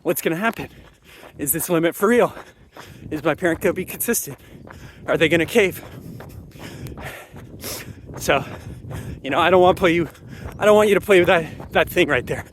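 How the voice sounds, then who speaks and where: A man delivering an animated, emphatic solo rant, repeating phrases for effect. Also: a little high, moderate pace, long pauses, slight background noise. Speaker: parenting commentator. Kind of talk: solo ranting monologue to camera.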